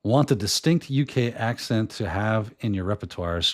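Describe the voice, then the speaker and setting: A middle-aged man hosting a podcast in casual chat, hoarse and losing his voice, rambling and slipping into put-on accents. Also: on the low side, animated, normal speed, few pauses. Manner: chatty and rambling, often breaking into put-on accents. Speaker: podcast host.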